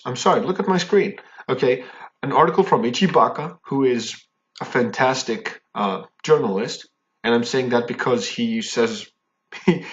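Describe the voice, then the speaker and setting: Indignant man ranting on a dull recording. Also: mid-range voice. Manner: heated and indignant, keeps tagging "okay?"; repeats and restarts when worked up. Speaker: fan commentary vlogger. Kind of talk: angry ranting monologue.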